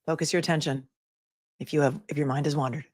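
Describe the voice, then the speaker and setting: A woman's voice: sits low, fairly even intonation, no echo. Woman attorney reading a legal filing. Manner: deliberate reading with wry asides to viewers. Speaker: attorney commentator. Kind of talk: reading aloud a legal complaint with commentary.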